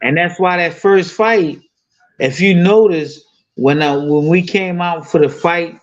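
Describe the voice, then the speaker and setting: Recounting a fight, a US boxing guest in his fifties talks casually and profanely, with plenty of fillers. His higher-leaning voice moves a little slowly, and the audio is dull.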